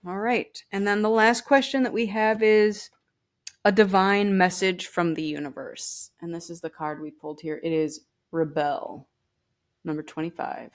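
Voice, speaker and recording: A woman's voice: on the low side, steady tone, normal speed. A woman giving a casual tarot and oracle card reading. She reads the card texts aloud and talks straight to the viewer with chatty asides. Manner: chatty, addresses viewers directly with "you know" asides.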